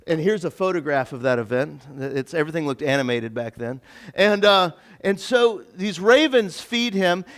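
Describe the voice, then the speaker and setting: A male pastor giving a casual, interactive sermon in a church, chatty and stumbling over his words, acting out the characters' lines in quick asides. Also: on the high side. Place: church sanctuary.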